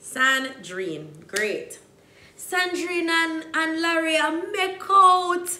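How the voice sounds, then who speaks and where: A young Jamaican woman with a Jamaican accent, telling a dramatic storytime, dropping to hushed asides and rising to loud outbursts. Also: very high-pitched, expressive, very slow, roomy sound. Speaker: vlogger. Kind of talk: storytime vlog.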